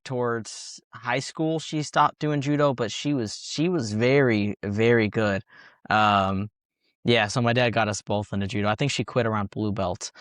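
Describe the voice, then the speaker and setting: A young man from Texas answers interview questions in a relaxed, chatty way, laughing often as he explains technique. His voice sits at a middle pitch. The recording is dry and close, with no room sound. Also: clean tone, no room sound. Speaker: guest fighter and coach. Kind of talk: casual interview.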